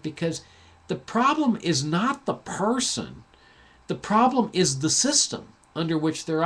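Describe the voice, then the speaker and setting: Impassioned, sarcastic high-voiced man. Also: fairly bright tone. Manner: impassioned, sarcastic, full of restarts. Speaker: talk show host. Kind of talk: political commentary monologue.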